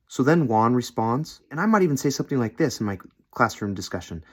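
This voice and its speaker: A man's voice: mid-range voice, sing-song, fairly quick, hardly any pauses. A man training seminary teachers in an instructional video, friendly and demonstrating how to question students. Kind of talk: instructional video with classroom role-play.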